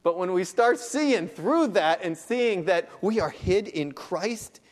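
A man preaching a sermon as pastor, dropping to hushed low asides and then building to loud, slow, rising exclamations. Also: lively intonation, in a large hall. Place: church sanctuary.

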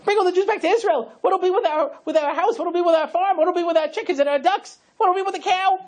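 Man doing a shrill, fretting innkeeper's wife. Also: steady tone. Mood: alarmed. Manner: shrill, anxious, rapid questions. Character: fretful innkeeper's wife, middle-aged woman.

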